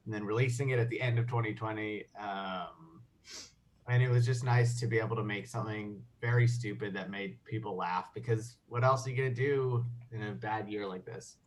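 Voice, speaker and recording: A man's voice: fairly low pitch, steady tone, brisk. A British man, a guest filmmaker, chatting casually and mocking himself with laughs. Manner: self-mocking, laughs often. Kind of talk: casual chat. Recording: clear background noise.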